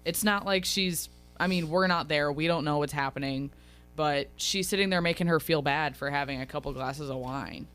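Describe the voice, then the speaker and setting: A woman's voice: low voice, moderate pace, faint music behind. A woman co-hosting a radio show, chatting casually and animatedly about a reality show. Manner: animated, acts out others' lines in quotes. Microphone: studio radio mic.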